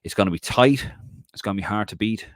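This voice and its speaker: Deep-voiced man hosting a chatty live stream. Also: fast, no room sound, clean studio sound. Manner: chatty, rambling, reads out viewer comments. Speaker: podcast host. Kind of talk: casual solo live stream chat.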